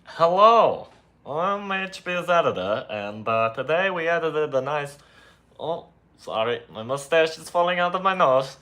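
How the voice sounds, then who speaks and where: A man's voice: expressive, unhurried. A man voicing a mustached Italian video editor with a put-on Italian accent, rambling and defensive with many hesitations. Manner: loud, higher, rambling with many uhs.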